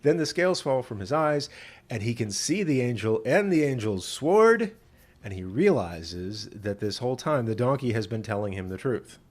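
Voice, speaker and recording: A man's voice: mid-range voice, big pitch swings, normal speed. A man who is a rabbi, retelling scripture casually with humor and many fillers.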